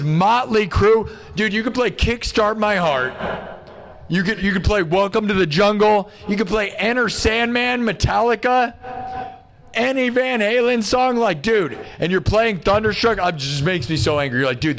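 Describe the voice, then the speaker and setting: Peppering his speech with "dude" and "bro," a livestream host chats casually and vents his exasperation. His voice sits high and sounds fairly bright, and he talks a little slowly.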